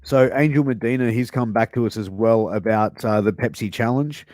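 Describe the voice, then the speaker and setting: Relaxed male podcast host, dry sound. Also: fairly low pitch, normal speed, no room sound. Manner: relaxed, agreeable, reads out audience questions. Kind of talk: casual interview.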